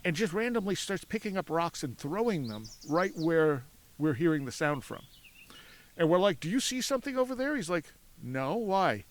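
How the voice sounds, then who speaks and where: A man telling a story as a podcast guest outdoors at a cemetery, animated, acting out voices in his anecdotes and laughing often. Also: on the high side, normal speed, a little hiss or hum. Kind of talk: casual storytelling.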